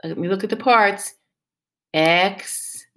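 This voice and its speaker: A woman's voice: medium pitch, slow. A woman teaching first grade, reading a picture book aloud to young children and coaxing them with questions. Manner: animated and encouraging, with exaggerated questions to the class.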